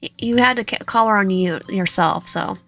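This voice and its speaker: A woman's voice: mid-range voice, moderate pace, gravelly, a bit bright. A woman playing a visual novel, reading it aloud with musing asides. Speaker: gamer.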